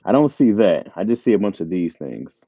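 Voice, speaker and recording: A man's voice: sits low, very animated, moderate pace, mellow, no room sound, dull audio. Laid-back man chatting on a livestream. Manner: laid-back, laughs often, reads chat aloud. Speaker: livestream host. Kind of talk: casual live chat with viewers. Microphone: tablet mic with earbuds.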